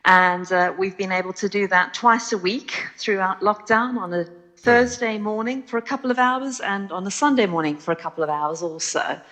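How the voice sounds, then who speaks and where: A woman with a South African accent, a pastor, talking in a measured, articulate way on a phone-in. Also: mid-range voice, a bit bright. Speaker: Salvation Army pastor. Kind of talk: phone-in chat.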